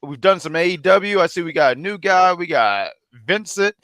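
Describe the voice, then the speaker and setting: Man, guest, high lively voice, jokey, dry sound. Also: a little fast, no room sound. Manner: loud, jokey, animated. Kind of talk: casual chat.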